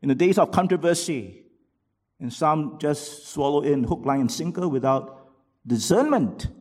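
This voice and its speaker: Emphatic, husky-voiced male preacher. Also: animated, measured pace. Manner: emphatic, swings from loud rhetorical questions to low asides; reads quotations aloud from books. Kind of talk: sermon.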